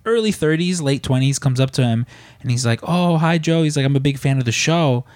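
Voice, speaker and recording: A man's voice: mid-range voice, a little fast, a little mellow, no room sound. Rambling male podcast host, dry sound. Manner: rambling storyteller, many fillers and restarts. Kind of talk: casual podcast chat.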